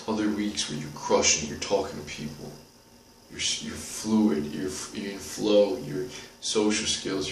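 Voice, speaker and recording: A man's voice: deep voice, far from the mic. Motivational host: earnest man, direct and repetitive, roomy sound with faint background noise. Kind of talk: motivational monologue.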